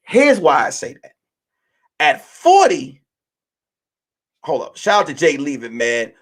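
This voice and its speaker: Animated, profane man in his late thirties. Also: a little high, normal speed. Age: late 30s. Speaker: podcast host. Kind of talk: casual monologue to listeners.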